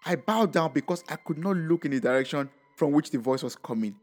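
A man narrating a scripted first-person story, reflective and dramatic, his voice sitting slightly high for a man. Soft music plays faintly underneath. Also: animated, brisk.

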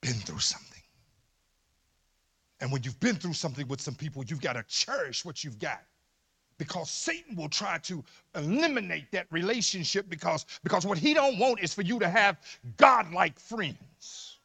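A man preaching a sermon as pastor in a church, emphatic, dropping to low murmurs and rising to loud shouts. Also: expressive, moderate pace, breathy edge. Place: church sanctuary.

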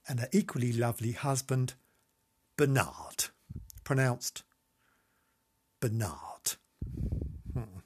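A man performing a camp comic monologue as a podcast host. His pitch leaps wildly between shrieks and low mutters, and he talks at an unhurried, drawn-out pace. His voice is very breathy and husky. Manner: theatrical, camp, swooping between squeals and mutters.

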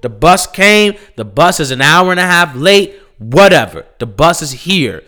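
A male comedian rants through a story in a high, bright, tense voice. He sounds exasperated, and his telling is loose and profane. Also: big pitch swings, measured pace. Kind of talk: stand-up storytelling.

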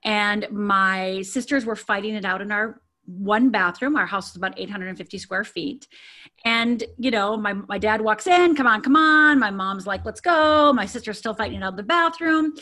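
A middle-aged woman speaks as an interview guest, recounting her own life in an earnest, candid way. Her voice sits at an ordinary middle pitch, and she talks loosely, with fillers and repeated words. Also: moderate pace, sharp tone. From Upper Peninsula of Michigan. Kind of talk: personal storytelling.

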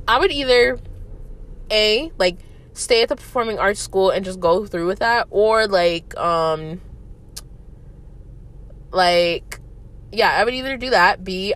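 A woman in her twenties hosts a solo podcast with a voice that sits on the low side and sounds a bit bright. She reflects candidly and emotionally, swearing freely and using plenty of fillers.

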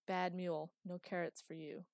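A woman voicing a cheeky adult woman who jokes in a brash, lively way. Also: lowish voice, moderate pace, no echo, clean studio sound, natural voice. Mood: joking. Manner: brash, joking.

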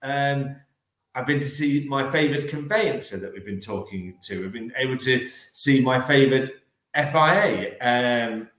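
A man's voice: medium pitch, measured pace, a bit bright, echoey room, poor audio. A man co-hosting a casual property-business chat, telling corny jokes and anecdotes with lots of ums. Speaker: podcast co-host, estate agent.

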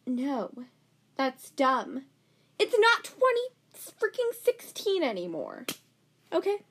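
A woman talks on her own podcast in an unhurried, drawn-out way. Her voice sits high and leaps up and down with every reaction, and she breaks into giggles mid-sentence. She is dramatic and casual, now and then dropping to a soft whisper. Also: poor audio. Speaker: podcast host. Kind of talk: casual solo podcast chat.

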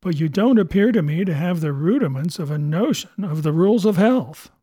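A man voicing a fearless, educated ship's doctor who talks crisply and scolds dryly. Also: high voice, animated, brisk, mellow, no room sound, clean studio sound. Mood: scolding. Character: brisk, fearless male ship's doctor, gentleman.

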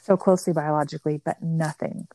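A woman's voice: low-pitched, fairly even intonation, fast, dark tone, slight background noise. A middle-aged woman, a mother and podcast guest, telling family stories in casual conversation, chatty and full of "like" fillers. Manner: chatty, storytelling with many "like" fillers.

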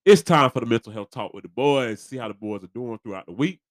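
A man's voice: medium pitch, animated, fast talker, dry recording. A young man co-hosting a podcast, laid-back and repeating phrases as he gives motivational talk. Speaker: podcast co-host. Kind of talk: casual chat.

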